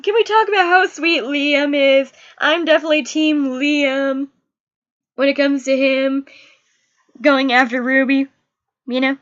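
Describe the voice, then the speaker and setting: A woman's voice: high-pitched, highs cut off. A young woman giving a casual, emotional book review, gushing about the characters she loved and hated.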